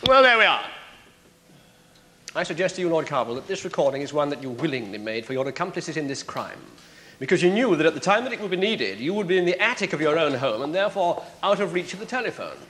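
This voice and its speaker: An actor playing a sharp, sardonic prosecutor cross-examining a witness in a courtroom drama. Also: male voice, on the high side, very animated, fast, slight background noise. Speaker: prosecuting barrister.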